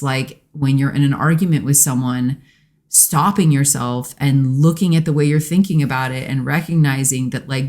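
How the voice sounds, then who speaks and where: Low-voiced woman, earnest and reflective, podcast chat, acts out quotes. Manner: earnest, reflective, quotes people in lively bursts. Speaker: podcast guest, host's wife. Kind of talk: casual conversation.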